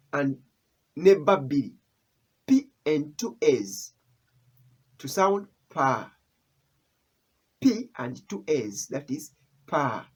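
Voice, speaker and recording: A teacher talks through a language lesson at an unhurried, deliberate pace. The voice is husky and rises and falls a lot, and the speaker keeps repeating each key term. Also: medium pitch. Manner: repeats key terms, explains step by step.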